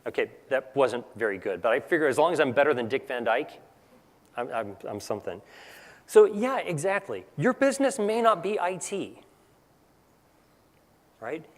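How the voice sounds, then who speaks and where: A man's voice: mid-range voice, sing-song, normal speed, long pauses, in a large hall. A man giving a conference presentation in a casual, conversational way, tagging points with "right?". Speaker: technical presenter. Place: large conference hall.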